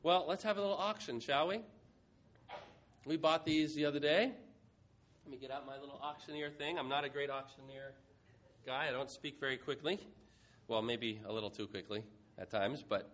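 A man preaching a sermon, moving from quiet reflection to a playful mock auction with the congregation. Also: medium pitch, moderate pace. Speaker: pastor.

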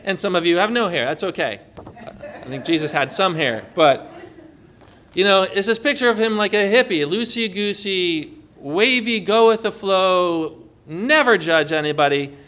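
A man's voice: high-pitched, sharp tone. A man preaching a sermon as pastor, emphatic and often putting questions to the congregation.

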